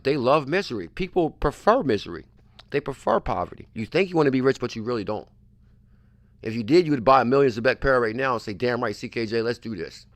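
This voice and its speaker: A man's voice: medium pitch, no echo. A man hosting a crypto livestream in a pushy, repetitive hype style, keeps pressing his point. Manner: pushy, repetitive hype, keeps saying "I'm telling you". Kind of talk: hyped casual livestream talk.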